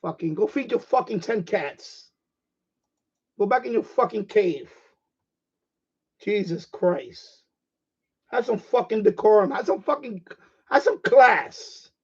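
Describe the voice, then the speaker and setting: A man's voice: high voice, lively intonation, slow, long pauses, slightly rough. A man hosting a ham radio live stream, ranting in a casual, profane, emphatic way and repeating his points. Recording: dull lo-fi stream audio.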